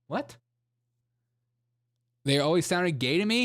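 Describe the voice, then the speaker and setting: A man's voice: on the high side, expressive, unhurried, long pauses, dry recording, studio quality. A young man hosting a comedic political livestream, joking, laughing often and reading chat comments aloud. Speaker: live stream host. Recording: music playing behind the voice.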